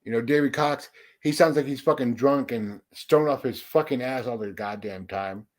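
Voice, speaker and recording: Greeting his viewers on a casual livestream, a man talks at normal speed in a mid-range voice. He's blunt, swears heavily, and keeps restarting his sentences.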